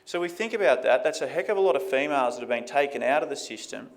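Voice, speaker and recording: A man's voice: medium pitch, expressive, fast talker. A man with an Australian accent, presenting market figures in a conversational way at a conference. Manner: conversational, fillers like "you know". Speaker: economist giving a presentation.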